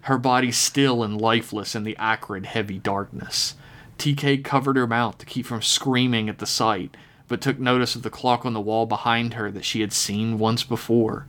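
A man reading a dark horror story aloud in a steady, measured narration. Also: mid-range voice. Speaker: podcast storyteller.

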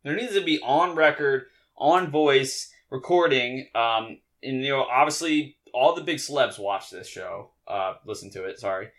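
Bright-voiced, animated podcast man. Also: mid-range voice, normal speed, hardly any pauses. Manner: animated, rambling, jokey. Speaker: podcast co-host. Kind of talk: casual podcast chat.

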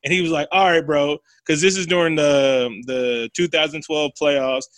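A man with a bright, forceful voice tells a film's story in loose, profane chat. He slips into the characters' lines as he goes. The sound is dry and close. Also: on the high side, normal speed, no echo. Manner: animated, profane storytelling with acted quotes. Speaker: podcast co-host. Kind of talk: casual chat, retelling a film plot.

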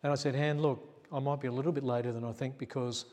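A man's voice: mid-range voice, steady tone, quick pace, a little mellow. A male pastor, telling a story in a sermon and acting out the quotes in a chatty way. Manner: chatty, acts out quotes, laughs at himself. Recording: long church reverb.

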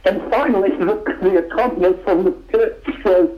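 An older man from Oklahoma, a singer and actor, telling animated stories in an interview and laughing often. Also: sits high, moderate pace, a little hiss or hum. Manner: animated anecdotes with frequent laughter. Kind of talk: storytelling interview talk. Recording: lo-fi radio sound.

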